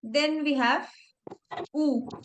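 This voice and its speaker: A woman's voice: high voice, steady tone, extremely slow, echoey room, a little hiss or hum. A woman teaching French one-on-one, explaining patiently step by step with examples. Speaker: French tutor. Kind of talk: one-on-one language lesson. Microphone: online class.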